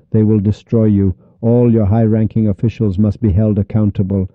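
A man's voice: lowish voice, flat delivery, normal speed, no echo. A man preaching a heated monologue on Sufism, sarcastic and insulting, with sudden angry outbursts. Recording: dull, dry lo-fi recording.

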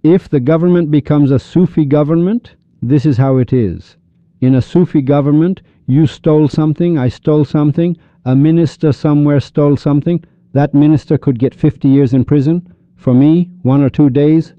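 A man's voice: a little high, normal speed, mellow, dry recording. A man preaching a heated monologue on Sufism, sarcastic and insulting, with sudden angry outbursts. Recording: dull, dry lo-fi recording.

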